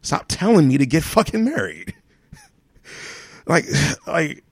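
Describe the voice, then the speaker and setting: A man's voice: fairly high pitch, huge pitch swings, takes it slowly, husky, no echo, studio quality. A man hosting his own podcast, ranting alone in a profane, exasperated way with many restarts. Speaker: podcast host. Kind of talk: solo ranting monologue.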